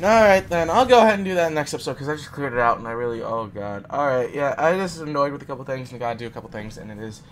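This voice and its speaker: A man's voice: mid-range voice, fast talker, few pauses. A young man giving let's play commentary, jumpy and sarcastic, yelping when startled. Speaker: gamer.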